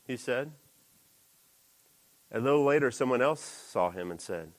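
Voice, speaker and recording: A man preaching a sermon in a lively, animated way, jumping into character voices for quoted lines. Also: moderate pace, long pauses. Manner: animated, acts out quoted lines with big pitch jumps.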